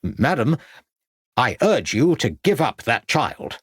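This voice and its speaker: A man's voice: medium pitch, big pitch swings, slow, breathy edge, no echo, clean studio sound, exaggerated voice. A man voicing a pompous, gallant small-town journalist with a formal way of speaking.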